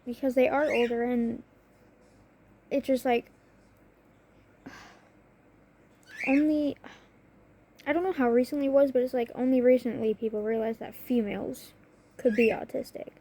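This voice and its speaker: A woman's voice: on the high side, steady tone, moderate pace, pauses often, mellow, slight background noise. A young woman talking through personal matters in a rambling, self-interrupting way, with a cough. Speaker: vlogger. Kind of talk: personal confessional talk.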